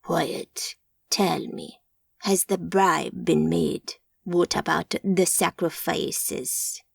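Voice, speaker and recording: A woman voicing a man who is a voodoo priest, cold and commanding, speaking in low, quiet, clipped orders. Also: fairly even intonation, drawn-out words, gravelly, dry recording, heavily acted.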